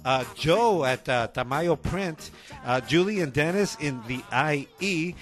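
A man's voice: a little high, animated, a little slow, soft background music. A middle-aged man, co-hosting a radio show in laid-back, slangy, playful chatter. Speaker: radio co-host. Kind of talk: casual radio banter.

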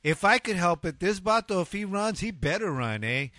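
Brief: guy, teasing radio co-host, bright tone, bouncy pitch, dry close sound. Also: very animated, moderate pace, dry recording. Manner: joking, teasing, slangy with frequent tag questions. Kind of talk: casual banter on internet radio. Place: home garage studio.

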